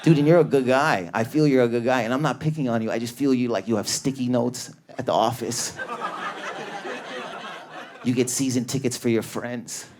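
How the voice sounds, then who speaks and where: A man's voice: a little mellow, slight background noise. A man doing a stand-up comedy set in a club, riffing on an audience member with raging, neurotic energy and lots of swearing, on a stage mic. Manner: high energy, profane, neurotic, rapid riffs. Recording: live club audience laughter.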